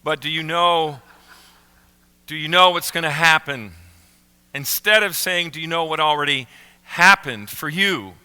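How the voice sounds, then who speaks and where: A man preaching a sermon as pastor, slowing down and leaning on key words. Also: a little high, bright, forceful tone, clean tone. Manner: slow emphatic phrasing with pauses on key words. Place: church sanctuary. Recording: reverberant church sanctuary.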